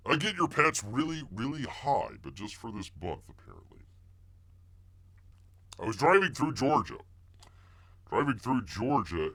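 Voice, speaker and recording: A man's voice: lowish voice, fairly bright tone. A middle-aged man hosting a live stream in casual chat, joking and rambling as he reads viewer messages aloud. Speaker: livestream host.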